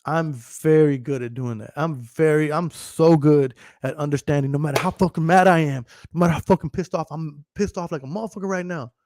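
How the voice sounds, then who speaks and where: A man's voice: on the high side, fairly quick, hardly any pauses, darkish tone, no echo. Brash, swearing man in his thirties. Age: 30s. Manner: profane, emphatic, laughs often. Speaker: podcast host. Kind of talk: casual livestream monologue.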